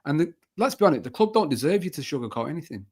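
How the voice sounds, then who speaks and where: A man's voice: a little high, sing-song, very fast, darkish tone, slightly rough. A young man with a Mancunian accent, chatting casually as a guest on a football talk show, rambling with frequent restarts and fillers. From Manchester, England. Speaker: podcast guest, football fan content creator. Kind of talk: casual chat.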